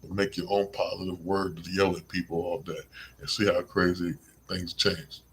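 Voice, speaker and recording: A man's voice: low-pitched, level tone, moderate pace, slight background noise, low-quality recording. A man hosting a podcast, talking in a rambling, emphatic, slangy casual monologue. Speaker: podcast host.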